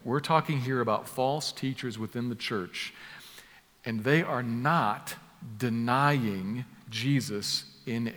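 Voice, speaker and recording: Emphatic preacher in a reverberant hall. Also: male voice, mid-range voice, fairly bright tone. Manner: emphatic, explanatory, repeats key words for stress. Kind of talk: expository sermon.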